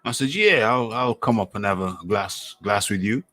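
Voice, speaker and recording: A man's voice: fairly low pitch, expressive, normal speed, background noise. A man hosting a casual talk show, telling a story with laughs and repeating his punchlines. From England. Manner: laughing, repeats lines for effect. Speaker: host. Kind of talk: casual banter.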